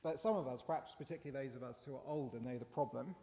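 This preacher has a warm, medium-pitched voice and races along through a conversational sermon, dropping fillers and building emphasis upward. His words echo with the long reverb of a church hall.

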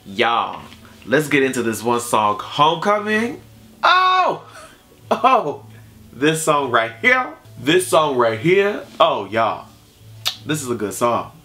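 Young adult male vlogger, casual reactor, slangy and animated, mid-pitched voice. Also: a little slow. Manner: animated, slangy, talks straight to viewers. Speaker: YouTube music reactor.

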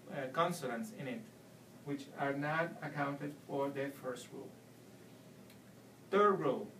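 A man teaching a lesson, recorded from a few feet away in a bare room that rings with echo. His voice sits a little high. He explains step by step and repeats each example. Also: a bit bright, slight background noise. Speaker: Spanish teacher. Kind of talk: video language lesson. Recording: echoey room, mic at a distance.

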